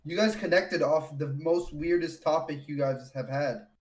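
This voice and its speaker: A man's voice: on the high side, moderate pace. Upbeat male host with a raised voice. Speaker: show host. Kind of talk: casual chat. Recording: faint background noise.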